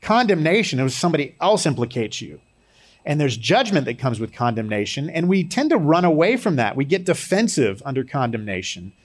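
A man's voice: fairly high pitch, big pitch swings, brisk. Man preaching a conversational sermon. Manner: conversational preaching with personal stories and humor. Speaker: pastor.

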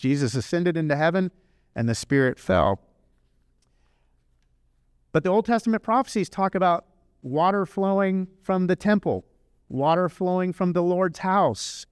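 Guy preaching, kinda high voice, swings fast then slow, dry close sound. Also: dry recording. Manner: animated, emphatic, swings between fast and slow drawn-out phrases. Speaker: pastor. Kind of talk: sermon.

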